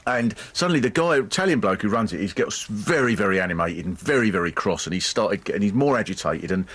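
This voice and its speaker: Male radio guest, husky voice, animated storyteller with a lively, swooping delivery. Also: on the low side, quick pace. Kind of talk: casual anecdote on a radio chat show.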